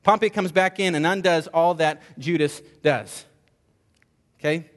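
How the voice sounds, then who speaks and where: A pastor preaching a conversational sermon, emphatic, with repeated words and restarts. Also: male voice, on the high side, unhurried.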